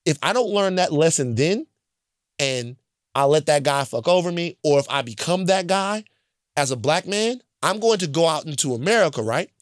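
A man's voice: a little high, expressive, moderate pace, no echo, clean studio sound. A man from Louisiana telling stories in a casual chat, blunt and emphatic, often checking in with "right?". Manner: profane and blunt.

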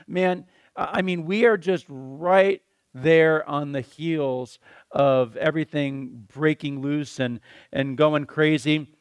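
Man, talk-show host, slightly high voice, rambling and excitable, dry close sound. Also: no echo. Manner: rambling, repeats words, exclaims "crazy". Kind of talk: casual conversational preaching.

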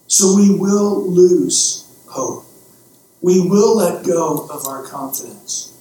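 A middle-aged man preaching a storytelling sermon, animated and stammering with repeated words, heard from a distant mic in a very echoey room. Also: high-pitched, a little hiss or hum.

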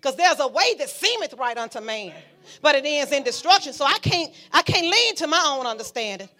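A woman pastor preaching a sermon, talking to the congregation in a fiery, conversational way that swings from hushed asides to shouting. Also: high-pitched, big pitch swings, brisk. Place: church sanctuary.

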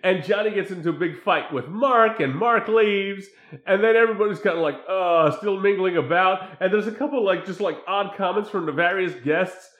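A man in casual chat recapping a movie, animated and laughing as he acts out scenes. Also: sits high, normal speed. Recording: echoey room.

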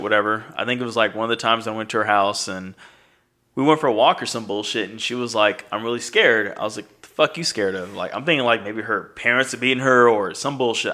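Bright-voiced man in his thirties telling a story. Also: mid-range voice. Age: 30s. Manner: profane, rambling, acts out quoted dialogue. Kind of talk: casual storytelling chat.

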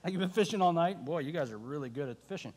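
High-voiced preacher in a big hall. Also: male voice, very fast. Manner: animated, acting out the disciples' voices. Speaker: pastor. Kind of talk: sermon.

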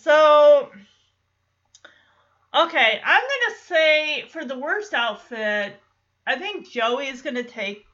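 Woman podcast host, chatty and amused, bright tone, slightly muffled lo-fi recording. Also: a little high. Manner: chatty, amused, loose with filler words. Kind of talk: casual episode recap.

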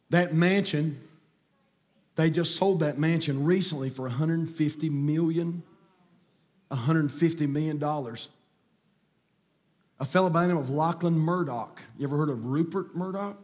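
A middle-aged man, preaching a sermon in a church sanctuary with folksy storytelling that builds to shouting. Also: a little high. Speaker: pastor.

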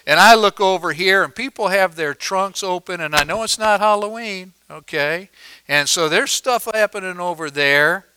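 A male pastor telling a story in a sermon, animated and acting out the voices of people he quotes, on a worn microphone in a church. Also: sits high, normal speed, clean tone, no echo, rough recording.

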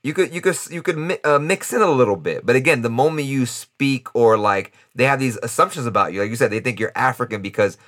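A man from New York hosting a podcast, chatting casually and quickly with lots of "like" and "right?". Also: mid-range voice, a bit bright. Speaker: podcast host. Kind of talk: casual interview chat. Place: indoors in Costa Rica.

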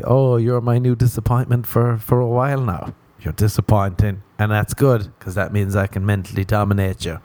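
A man's voice: on the low side, darkish tone. A man hosting a podcast, rambling through a crude comic monologue, mocking himself and laughing at his own jokes. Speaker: podcast host.

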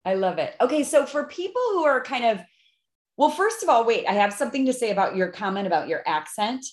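A podcast host in her fifties from the Chicago area, with a Chicago accent, runs a casual interview enthusiastically and laughs often. Her fairly high voice is sing-song and brisk, and the recording is reverberant.

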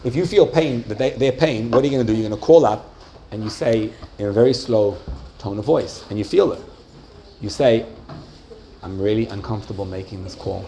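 A man's voice: mid-range voice, a little fast, warm tone, slight background noise. Man teaching a class with probing questions. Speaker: religious teacher. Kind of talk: interactive Jewish class.

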